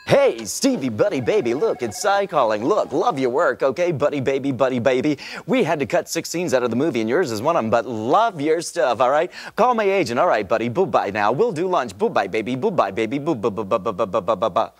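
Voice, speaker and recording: A man playing a smarmy, fast-talking Hollywood producer who keeps calling people buddy and baby. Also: mid-range voice, expressive, slight background noise, lightly acted. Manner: oily, rapid patter, repeating buddy and baby.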